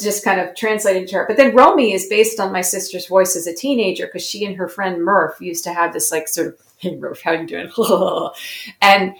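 In an interview conversation, a woman appearing as a guest actor tells stories reflectively, correcting herself as she goes. Her voice is medium-pitched, with a roomy sound.

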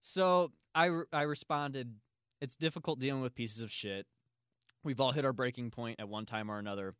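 A man hosts a casual podcast, telling a long, meandering story packed with filler words. His voice is bright and forceful, with sudden loud laughs. The sound is dry and close to the mic. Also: mid-range voice, normal speed, clean tone, no room sound. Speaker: podcast host.

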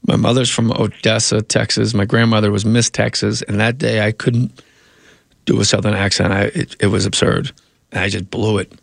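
A man's voice: lowish voice, little pitch movement, normal speed, gravelly, no echo, clean studio sound. A man, a comedian and actor, telling rambling anecdotes in a casual interview, often cutting himself off.

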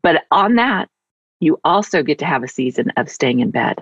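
Middle-aged woman guest author, husky, heartfelt, on dry muffled audio. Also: sits low, very animated, normal speed, no room sound. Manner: heartfelt, reflective, emphatic. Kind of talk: conversational interview.

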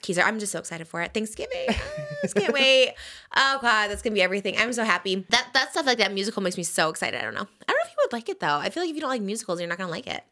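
A woman's voice: medium pitch, big pitch swings, very fast, few pauses, pushed and bright. A woman in her thirties hosting a podcast, chatting casually in a giggly, gushing, rambling way. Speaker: podcast host. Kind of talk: casual chat.

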